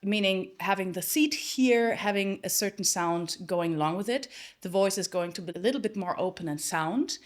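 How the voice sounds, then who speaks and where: A woman vocal coach teaching a singing lesson. She explains in plain terms and then belts short phrases loud and high. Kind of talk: singing lesson with sung demonstrations.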